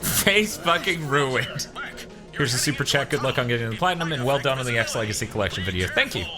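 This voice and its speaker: Animated, profane male game streamer. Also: mid-range voice. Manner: profane, animated ranting with quick laughs. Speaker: streamer playing and reviewing a game. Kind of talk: casual live-stream commentary. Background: game music.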